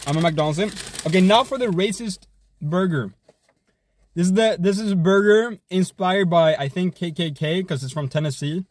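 A man streaming himself eating fast food, joking around, swearing often, and humming between bites. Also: sits high. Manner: hyped, joking, swears a lot, chews and hums between bites.

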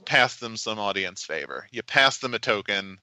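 A man's voice: fairly low pitch, expressive, normal speed, bright, forceful tone, dry recording, poor audio. A man, a game designer, explaining his tabletop game in a podcast interview, thoughtful and full of restarts.

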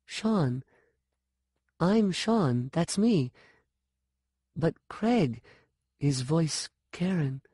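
A man voicing a bewildered young girl who asks high, breathless questions. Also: animated, drawn-out words, long pauses, warm tone, husky, dry recording, clean studio sound, exaggerated voice.

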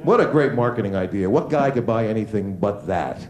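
A man doing a crude stand-up comedy set on a club stage, animated and quick to slip into squeaky voices for the people in his stories. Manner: crude, animated, jumps into high squeaky voices for quoted characters. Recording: roomy live club recording with loud crowd noise.

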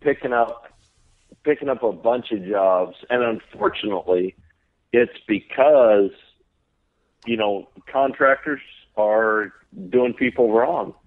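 A man's voice: mid-range voice, takes it slowly. A man with a Texan accent telling a profane, laughing story in casual podcast chat. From Texas. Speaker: guest. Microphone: phone call. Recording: tinny phone line.

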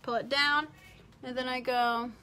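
This young woman's voice is high-pitched and sharp, fairly even in intonation and a little slow. A beauty vlogger streaming a makeup tutorial from home, she chats and rambles, using "like" constantly.

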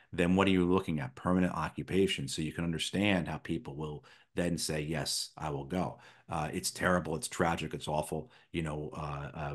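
Middle-aged male guest, very low voice, measured political analysis with fillers. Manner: thoughtful, frequent restarts and fillers. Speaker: interview guest, former Marine officer.

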